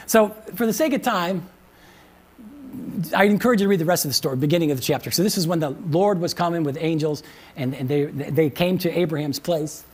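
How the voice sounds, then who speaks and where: A man with a fairly high, husky voice preaches a sermon as pastor in a church, speaking fairly quickly. His style is conversational, repeating phrases and often putting questions to the congregation.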